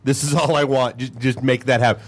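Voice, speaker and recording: A man's voice: medium pitch, steady tone, fairly quick. A man from the Detroit area co-hosting a podcast, telling stories animatedly, swearing freely and laughing often. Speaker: podcast co-host. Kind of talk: casual chat.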